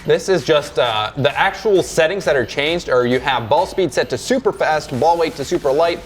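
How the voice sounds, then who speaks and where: A man's voice: on the high side, expressive, moderate pace, soft background music. A man on an esports panel, teasing his co-hosts and explaining game settings. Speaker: esports caster. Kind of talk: casual esports panel banter.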